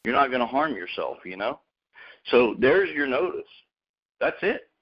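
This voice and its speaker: A man's voice: mid-range voice, big pitch swings, a little slow, husky. A man hosting a radio show, talking in a rambling, casual way and calling people dude and man. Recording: muffled lo-fi radio audio.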